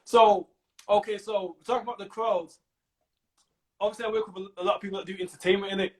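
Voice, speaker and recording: A man with a Manchester accent hosting a relaxed, slangy chat over a video call. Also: sits high, fast. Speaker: host. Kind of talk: casual chat.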